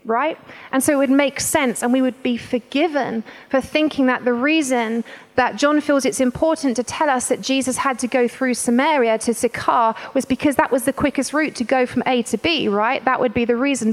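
Woman, preacher, sermon, high-pitched, emotional, emphatic, conversational.

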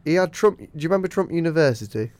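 A man's voice: a little high, lively intonation, very fast, darkish tone. A man co-hosting a podcast, chatting casually, teasing his co-host and laughing often. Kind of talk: casual chat.

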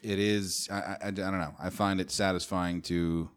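A man's voice: sits low, little pitch movement, moderate pace, clean tone. A man chatting casually as a podcast co-host, laid-back, jokey and profane. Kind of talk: casual banter.

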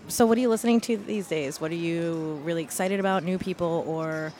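A woman's voice: fairly low pitch, brisk, darkish tone, a little hiss or hum. A woman interviewer asking questions in a curious, conversational way.

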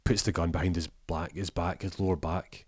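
A man's voice: deep voice, steady tone, darkish tone, husky, dry recording, clean studio sound. A man telling a rambling comic story, slipping into characters' voices as he goes. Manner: rambling, acts out characters in quick bursts.

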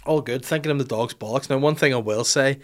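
A man's voice: mid-range voice, fast talker. A man, telling a rambling, jokey, self-mocking story in casual chat. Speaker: podcast host telling an anecdote.

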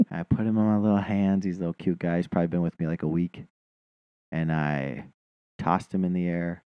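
A man's voice: low voice, steady tone, moderate pace, long pauses, clear, resonant tone, dry recording, muffled recording. A man co-hosting a podcast, telling rambling, profane, self-mocking stories in casual chat. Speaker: podcast co-host.

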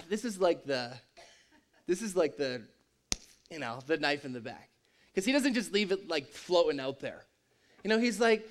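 A man's voice: on the high side, animated, normal speed, long pauses. A man preaching a sermon in a conversational, joking and emphatic way. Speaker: pastor.

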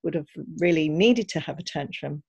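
Husky, mellow-voiced woman, earnest podcast host. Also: sits low, expressive, moderate pace, dry recording. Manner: earnest, reflective explaining. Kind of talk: casual podcast conversation.

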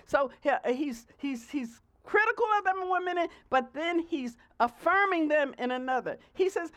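High-voiced woman preaching a playful sermon. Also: very animated, normal speed, few pauses, fairly bright tone. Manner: conversational, playful preaching with frequent "okay?" asides.

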